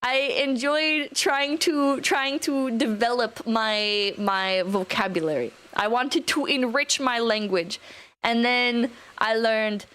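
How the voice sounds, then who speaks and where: A woman's voice: a little high, takes it slowly, fairly bright tone, clear, resonant tone. Rambling, sweary young woman streamer. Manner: rambling, swears, reads out chat. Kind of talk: casual live-stream chat.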